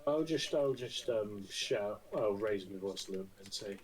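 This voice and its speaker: A man's voice: fairly low pitch, normal speed, low-quality recording. A man playing in a tabletop game, chatting casually and stammering apologetically. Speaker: player.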